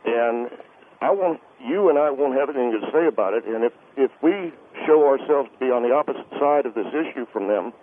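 A flustered father stumbles through his words with constant hesitations, as a man puts him on. His voice comes over a tinny phone line at an ordinary middle pitch. He sounds anxious and defensive. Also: lively intonation, a little fast, slight background noise, natural voice. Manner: stammering, hesitant, many uh's. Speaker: guest on phone.

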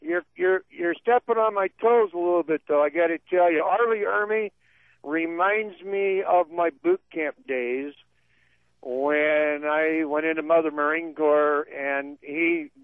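A man's voice: a little high, steady tone, measured pace, clean tone, dry recording. A man calling in to a talk radio show, chatty and complaining. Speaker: caller. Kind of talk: casual call-in chat. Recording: tinny phone line.

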